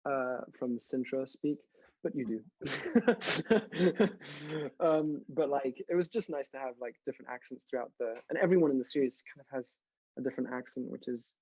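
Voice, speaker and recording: A man's voice: medium pitch, brisk, warm tone, no room sound, dull audio. A young man from France, a guest actor, talking casually and enthusiastically with many fillers. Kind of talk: casual interview chat.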